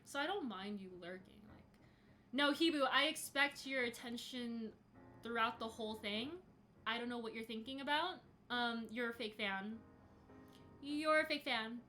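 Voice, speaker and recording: A young woman in her twenties hosts a casual livestream from her home, greeting chatters by name and swearing freely. Her voice sits high and sounds bright and sharp. Faint music plays softly beneath her. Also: normal speed. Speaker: podcast host live-streaming to chat.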